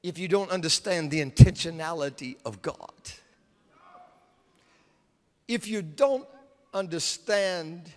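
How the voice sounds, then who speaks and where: High-voiced preacher, slow and emphatic, with dramatic pauses, heard in a big reverberant hall. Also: male voice. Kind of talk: sermon. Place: large conference hall.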